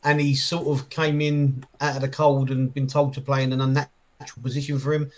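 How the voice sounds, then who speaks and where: A man's voice: medium pitch, completely flat delivery, a little fast, a little mellow. A man co-hosting a casual football chat, hedging every opinion with "I think". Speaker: podcast co-host.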